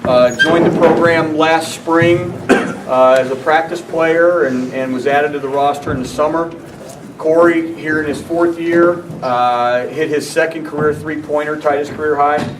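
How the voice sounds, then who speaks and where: A team media official running a press conference, reading brief notes in a brisk way. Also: male voice, fairly high pitch, steady tone. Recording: mic far off, background noise.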